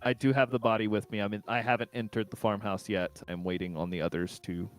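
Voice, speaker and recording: A man's voice: lowish voice, fairly even intonation, fast, smooth, faint music behind. A man playing a tabletop game, chatting casually and joking, heard on a close mic. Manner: joking, protesting.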